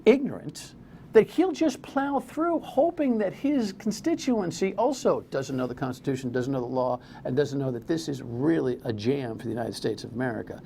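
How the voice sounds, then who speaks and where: A middle-aged man from New Jersey hosting a talk radio show, blunt and rambling, his pitch jumping up when he gets worked up. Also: creaky, mellow, slight background noise.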